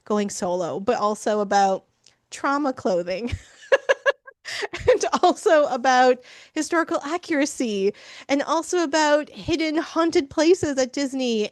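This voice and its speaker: Bubbly woman podcast host, fairly high voice, dry close sound. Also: no echo. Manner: bubbly, laughs often. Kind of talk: casual interview.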